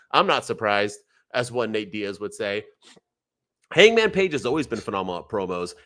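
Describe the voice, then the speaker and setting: A man co-hosting a casual podcast, talking in an animated, profane rant. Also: medium pitch. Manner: animated, profane, ranting, mocks others in quoted voices. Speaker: podcast co-host. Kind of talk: casual chat.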